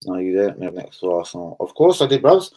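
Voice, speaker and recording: A man's voice: low-pitched, sing-song, fairly quick, mellow, poor audio. A man with a London accent hosting a casual livestream, chatting bluntly with his viewers and swearing freely. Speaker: livestream host.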